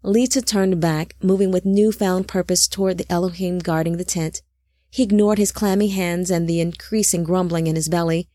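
A woman reading a dark fantasy audio drama as narrator, in a slow and deliberate scripted delivery. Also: lowish voice, steady tone, no room sound, clean studio sound.

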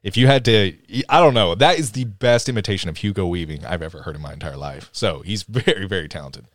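Enthusiastic man hosting a podcast, low voice. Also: animated, quick pace, fairly bright tone, no room sound. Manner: enthusiastic, upbeat. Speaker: podcast host. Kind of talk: casual chat.

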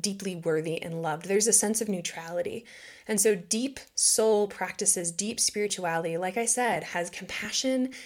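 A woman with a mid-pitched voice talks through spiritual ideas in a loose podcast chat. She is reflective and conversational, peppering her talk with "like" and "right?" and playfully voicing the thoughts she quotes. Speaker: podcast host.

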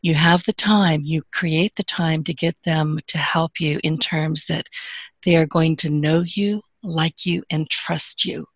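Husky woman giving frank advice. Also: deep voice, fairly even intonation, a little slow, no echo. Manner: emphatic, joking, frank. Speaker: podcast guest, business owner. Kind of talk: casual interview advice.

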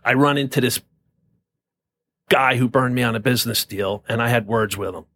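A man's voice: medium pitch, normal speed, sharp tone. A man from New Jersey telling a personal story as a podcast guest, intense and profane, often stammering and repeating words.

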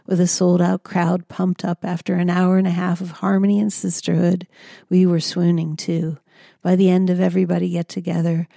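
A woman reading her own memoir aloud in a calm, measured storytelling manner. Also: fairly low pitch, vocal fry, no echo, clean studio sound. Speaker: memoir narrator. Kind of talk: audiobook memoir narration.

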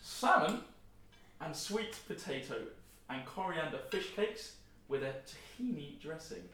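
A man's voice: a little high, expressive, measured pace, a little hiss or hum. A young man in his twenties hosting a casual family podcast, playfully announcing his dishes with mock ceremony. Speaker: podcast host. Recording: roomy, distant mic, faint clatter.

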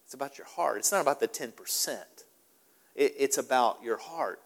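A man's voice: medium pitch, normal speed, creaky, long reverb tail. A male pastor preaching a sermon in an emphatic style, often repeating his words for stress. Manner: animated, repetitive, emphatic.

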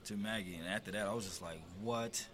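A man's voice: low-pitched, very fast, a crowd in the background. A man co-hosting a podcast, retelling scenes and acting out his reactions in casual chat. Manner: expressive storytelling, acts out reactions. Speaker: podcast co-host.

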